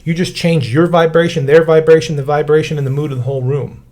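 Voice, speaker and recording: A man's voice: a little high, steady tone, quick pace, a little mellow. A man co-hosting a podcast in casual chat, emphatic and swearing freely, stretching words for stress. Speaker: podcast co-host.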